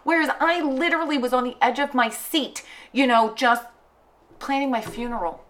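A young adult woman hosting a podcast, telling stories in an animated, casual way and swearing freely. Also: high-pitched, moderate pace. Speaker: podcast host. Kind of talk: casual chat.

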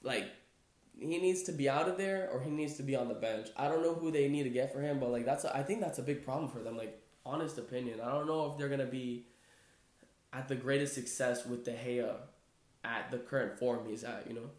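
A man's voice: mid-range voice, a little fast, a little mellow. A man hosting a casual sports chat podcast, rambling loosely with lots of fillers and "bro.". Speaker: podcast host. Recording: echoey room.

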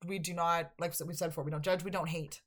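A woman's voice: fairly low pitch, fairly even intonation, quick pace, a bit bright. A Canadian woman co-hosting a podcast in casual chat, rambling and earnest, full of fillers. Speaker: podcast co-host.

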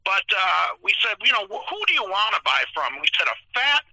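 A man chatting on a podcast, telling animated stories about his seafood side business. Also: high voice, fast talker, creaky, no room sound, low-quality recording. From moved to New Orleans area in 2000. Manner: animated storyteller, chatty and enthusiastic. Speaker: guest, seafood business owner. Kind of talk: casual podcast storytelling.

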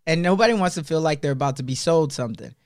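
An upbeat man hosting a casual podcast interview, quick to agree and full of relaxed slang. His voice is a little higher than most men's and sounds dry and close, with no room echo. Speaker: podcast host.

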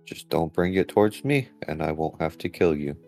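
A man's voice: a bass voice, expressive, normal speed, warm tone, faint music behind. A man playing a tabletop game, plainly describing what his character does. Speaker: player.

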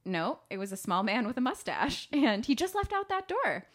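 A woman co-hosting a podcast, recapping a thriller in casual chat with laughs and acted-out lines. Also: fairly high pitch. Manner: animated storytelling with quick laughs. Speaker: podcast co-host.

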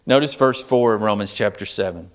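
This man's voice is fairly low, fairly quick, and smooth as he preaches as pastor. He reads Bible verses aloud, explains them, and keeps an emphatic delivery that grows louder and softer by turns.

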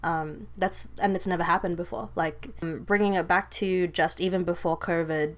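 A young woman with an Australian accent talks casually, full of fillers and asides. Her voice sits a little low. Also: steady tone, moderate pace. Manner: chatty, storytelling, lots of likes and ums. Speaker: filmmaker guest. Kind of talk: casual conversation.

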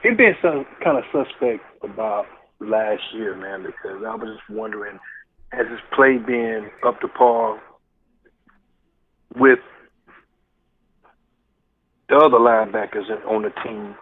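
A man's voice: fairly low pitch, a little hiss or hum. Hesitant man on a tinny phone line. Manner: hesitant, halting, with many fillers. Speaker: caller. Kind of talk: casual phone call-in chat.

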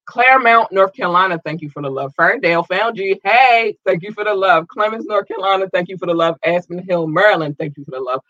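Upbeat male podcast host, animated, slightly high voice, dry close sound. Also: fast talker, few pauses, no room sound, lo-fi sound. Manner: upbeat, animated, stumbles over place names. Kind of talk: casual shout-outs to listeners.

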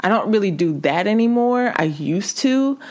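A woman's voice: mid-range voice, expressive, normal speed, a little mellow. A young woman hosting a faith podcast, talking casually and candidly to her listeners, calling them sis and y'all. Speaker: podcast host.

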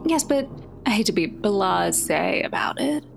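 A woman player role-playing her character in a theatrical, smooth, flirtatious manner. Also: medium pitch, animated, unhurried, slight background noise.

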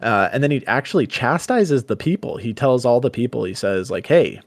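A man's voice: mid-range voice, expressive, a little fast, no echo, clean studio sound. A man co-hosting a podcast, casually retelling a story in his own words and acting out the characters' lines. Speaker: podcast co-host. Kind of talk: casual book discussion and retelling.

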